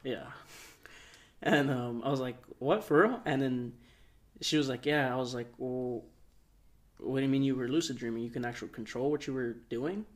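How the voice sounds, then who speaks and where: A young man with a middle-pitched voice spins out a long anecdote on a podcast. He talks in a relaxed, meandering way, full of fillers and small restarts. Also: moderate pace, long pauses. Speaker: podcast co-host. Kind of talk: casual storytelling.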